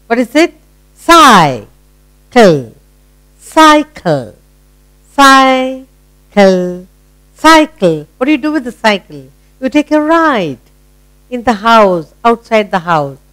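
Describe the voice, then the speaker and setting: A middle-aged woman with an Indian English accent teaching a phonics lesson to children, encouraging them and repeating each word slowly. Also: on the high side, low-quality recording. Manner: slow, sing-song, encouraging, repeating words.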